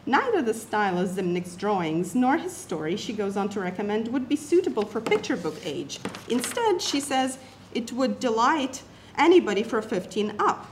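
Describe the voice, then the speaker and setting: A woman's voice: on the high side, sing-song, normal speed, a little hiss or hum. A woman presenting an academic paper, reading it aloud and setting off quotations with emphasis and asides.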